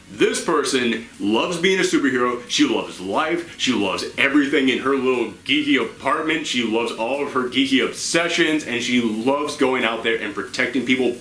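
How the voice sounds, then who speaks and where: A man's voice: medium pitch, bright, forceful tone, roomy sound. A man hosting an enthusiastic comic book review, acting out quoted lines in changing voices. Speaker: host.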